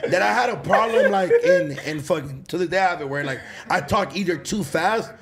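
A man co-hosting a casual group podcast, telling animated stories and laughing as he talks. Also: high-pitched, fairly quick, gravelly. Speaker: podcast co-host.

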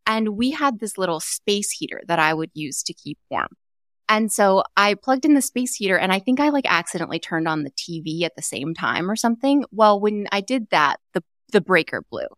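A woman's voice: mid-range voice, brisk, dry recording, clean studio sound. A woman hosting a podcast who chats casually and tells stories with lots of energy. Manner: animated storyteller. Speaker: podcast host. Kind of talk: casual interview chat.

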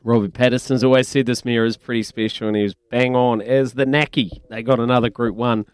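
A man hosting a sports radio show. His voice is smooth and resonant, recorded dry and close, and he talks to his guest in a chummy, matey way. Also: mid-range voice, steady tone, fast talker, no echo. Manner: chummy, says mate often. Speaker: radio host.

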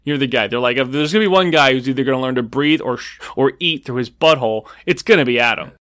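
Man, podcast host, casual chat, animated, teasing, bright forceful voice. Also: medium pitch, fast, clean tone. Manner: animated, teasing, laughs often.

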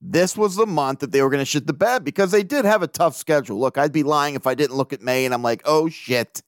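A man's voice: on the high side, fast, no echo, studio quality. A man from the area, hosting a casual sports podcast, brash and joking and swearing freely. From Baltimore area. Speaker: podcast host.

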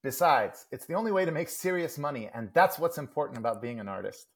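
Calvin is a brash, money-minded little boy from a comic strip, read aloud by a man who pushes his pitch up and lets it leap around. The voice is a little husky and scoffs at everything. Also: fast. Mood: scornful. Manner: indignant, excited read-aloud.

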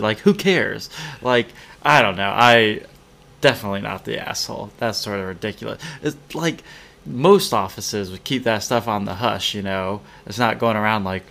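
A man co-hosting a podcast in casual chat, reacting quickly with animated opinions and jokes. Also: medium pitch, creaky. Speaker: podcast co-host.

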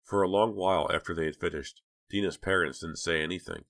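In scripted narration, a man with a deep voice reads an audiobook evenly and at a measured pace. The studio-quality recording carries no room sound.

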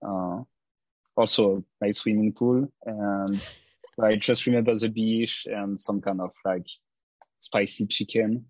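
A man from France speaking English with a French accent as an interview guest, halting with many restarts. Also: lowish voice, fairly even intonation, no room sound, lo-fi sound. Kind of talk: casual interview.

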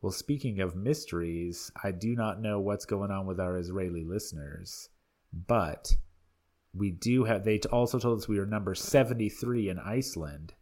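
A man's voice: sits low, moderate pace, darkish tone. A man co-hosting a podcast in casual chat, wry and teasing, who laughs often. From Southern United States. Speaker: podcast co-host.

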